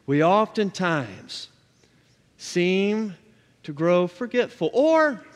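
A man's voice: fairly high pitch, long reverb tail. A man in his forties preaching a sermon, building to emphatic calls and asking the congregation to answer. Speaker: pastor.

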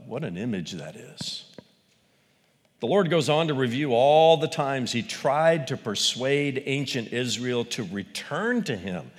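A man preaching a sermon, animated, swinging between loud exclamations and quiet, quick asides. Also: medium pitch. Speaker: pastor. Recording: long reverb of a large hall.

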